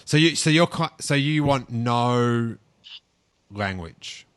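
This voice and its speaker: Bright, excitable male podcast host. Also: mid-range voice, slow pace, clear, resonant tone. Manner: excitable, playful, trailing restarts. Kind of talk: casual podcast chat.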